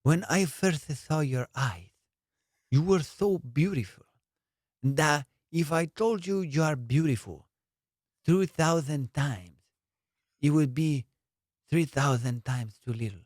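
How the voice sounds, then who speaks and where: Guy doing a slow smooth spanish lover voice, seductive and drawn out, dry room. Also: fairly high pitch, a little mellow, no room sound, pitched below the performer's own voice. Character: suave romantic Spanish man, slow and smooth.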